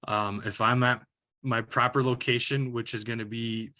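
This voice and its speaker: A man's voice: medium pitch, little pitch movement, moderate pace, bright, forceful tone. A male basketball referee giving practical, matter-of-fact officiating advice with some fillers. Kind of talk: instructional talk on officiating.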